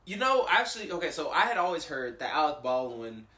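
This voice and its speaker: A man's voice: on the high side, big pitch swings, brisk, background noise. A young man co-hosting a casual podcast, loose and joking, laughing often. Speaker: podcast co-host. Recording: roomy echo.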